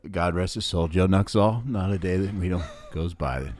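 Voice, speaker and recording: A man's voice: low-pitched, normal speed, a little mellow. A man hosting a podcast in casual chat, reacting with laughs and brief interjections. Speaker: podcast host.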